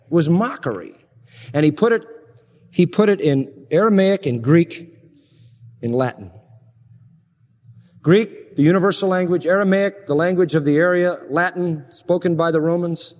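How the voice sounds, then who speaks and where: A high-pitched man preaching a sermon, his voice trailing off into the long reverb of a big hall. He swings between ringing, emphatic passages and hushed, low ones. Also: normal speed, long pauses. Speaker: pastor.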